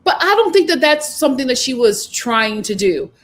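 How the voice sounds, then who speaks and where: A woman's voice: high-pitched, big pitch swings, moderate pace. A woman hosting a live recap show, talking emphatically and reading out viewers' comments as she gives her opinions. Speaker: host.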